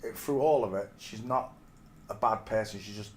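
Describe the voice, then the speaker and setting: Casually chatting at a moderate pace, a man in his forties from England tells meandering stories as a streamer, addressing the listener as mate. His voice is on the low side, with slight background noise.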